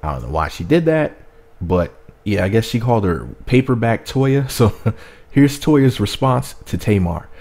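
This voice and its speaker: A man with a fairly low voice gives casual celebrity gossip commentary. He jokes around and talks straight to his viewers in a playful, easygoing manner. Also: very animated, normal speed, darkish tone.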